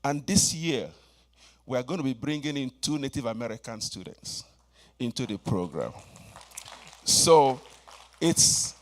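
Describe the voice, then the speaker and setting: An earnest man with a fairly high voice speaks at a reception, describing a program and its growth. His delivery is steady and informative, ending with thanks to the guests. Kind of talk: formal speech at a reception.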